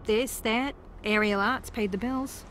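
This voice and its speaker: An actress voicing a wry, sarcastic female reality-TV contestant from New Zealand in a mystery video game, with a dry, teasing, deadpan delivery. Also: on the high side, a little slow, slight background noise.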